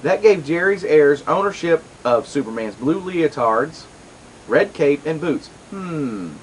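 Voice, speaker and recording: Middle-aged male comics-show host, rambling and animated, casual commentary. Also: a little high, takes it slowly, a little hiss or hum, rough recording. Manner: rambling, chatty, full of asides and restarts.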